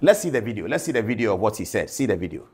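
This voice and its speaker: A man's voice: lowish voice, very animated, rapid-fire, darkish tone, husky. A man with a Ghanaian accent, a television journalist, giving commentary in a lecturing tone full of indignant rhetorical questions.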